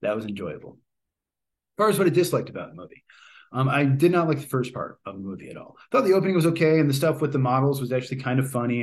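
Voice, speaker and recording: Man, casual movie review, rambling delivery, many ums and restarts, mid-pitched voice.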